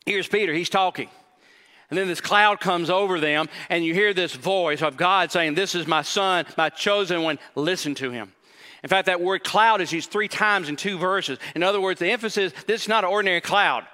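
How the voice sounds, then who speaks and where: High-voiced emphatic preacher in a hall. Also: male voice, fairly quick, pushed and bright. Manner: emphatic, repetitive rhetorical questions. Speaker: pastor. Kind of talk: sermon.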